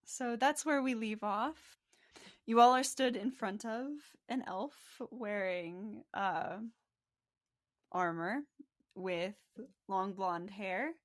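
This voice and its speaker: A woman's voice: medium pitch, fairly even intonation. Woman game master, descriptive tabletop narration. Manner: descriptive, unhurried recap and scene-setting.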